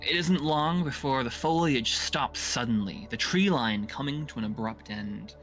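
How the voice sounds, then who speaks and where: A man narrates a tabletop adventure as game master in a mid-pitched voice. He talks casually and loosely, with plenty of fillers. Faint music plays underneath. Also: expressive, moderate pace, fairly bright tone. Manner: casual, filler-heavy storytelling.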